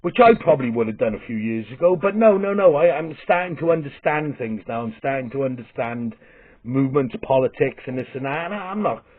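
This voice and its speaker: A man from Wales, mid-range in pitch, expressive and a touch fast, rambles through a funny story for his vlog. The comedian is blunt, swears freely and keeps restarting. Sound quality is tinny and phone-like.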